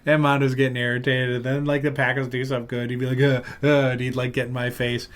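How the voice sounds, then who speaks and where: A man hosting a podcast, telling a long story in casual chat and loudly acting out what people said. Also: medium pitch, quick pace. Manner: animated, acts out loud quotes of other people. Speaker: podcast host.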